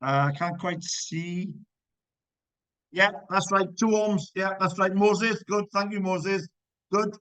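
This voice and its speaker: Male physics teacher, fairly high voice, encouraging, explains step by step, dry close sound. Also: fairly even intonation, slow pace, fairly bright tone, dry recording, poor audio. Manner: encouraging, checks student work aloud, explains step by step. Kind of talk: live online class teaching.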